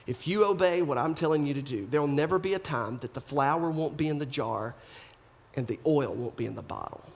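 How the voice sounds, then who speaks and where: A male preacher voicing a bold prophet who gives quiet, firm orders. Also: fairly high pitch, brisk, pitched below the performer's own voice, close to an everyday voice. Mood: commanding. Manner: hushed, firm instructions. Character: bold old prophet, calm and commanding. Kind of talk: storytelling in a sermon.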